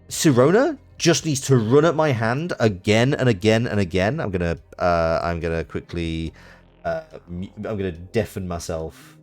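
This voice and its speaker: A man's voice: lowish voice, a little mellow. A man chatting casually on a live stream while playing a card game, self-mocking and trailing off with fillers.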